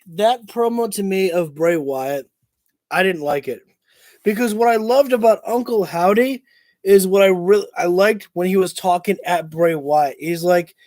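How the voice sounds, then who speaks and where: A man with a high-pitched voice talks through a wrestling show for his livestream audience in a loose, chatty way. His play-by-play is casual and excitable, with the odd curse thrown in. The sound is dry and close, with almost no room around it. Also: dry recording. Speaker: livestream host.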